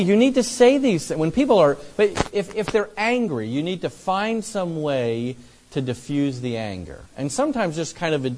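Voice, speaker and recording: A man's voice: high voice, a little hiss or hum. A man preaching a conversational sermon on evangelism, acting out both sides of imagined conversations with fillers and restarts. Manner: animated, acts out both sides of dialogues.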